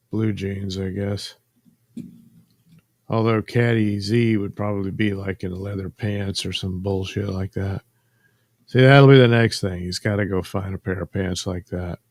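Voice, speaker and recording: A man's voice: sits low, darkish tone, dry recording. A man hosting a casual commentary while coloring drawings, rambling and sardonic, trailing off into fillers. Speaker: host.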